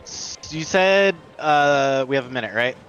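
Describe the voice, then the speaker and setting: A man's voice: medium pitch, lively intonation, a little slow, a bit bright, highs cut off, faint music behind. A man taking part as a player, hesitant with many ums. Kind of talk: tabletop game play.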